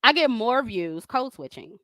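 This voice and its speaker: A woman's voice: fairly high pitch, lively intonation, a little slow, fairly bright tone, dry recording. A woman hosting a livestream, ranting at critics in a confrontational, profane way, laughing often as she reads super chats.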